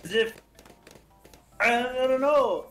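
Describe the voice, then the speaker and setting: A man's voice: extremely high pitch, animated, very slow, a bit bright, roomy sound, recorded from a distance, soft background music. A man chatting casually while playing on a live stream, full of profane, joking trash talk.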